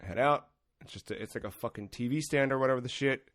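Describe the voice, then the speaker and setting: Speaking quickly in a mid-range voice, a man hosts a podcast and spins a story full of swearing. He gets animated, voicing the characters as he quotes them.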